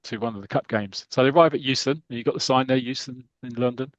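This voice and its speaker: A man's voice: medium pitch, quick pace, dry recording, highs cut off. Chatty man retelling a comic. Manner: chatty, restarts, does character voices. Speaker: podcast co-host. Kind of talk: casual retelling of a comic story.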